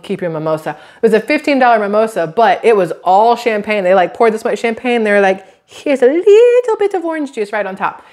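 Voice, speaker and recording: A woman, chatting casually as a YouTube creator. She rambles from point to point and acts out other people's lines as she tells stories. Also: mid-range voice. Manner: chatty, rambling, animated quoted asides. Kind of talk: casual chatty vlog storytelling.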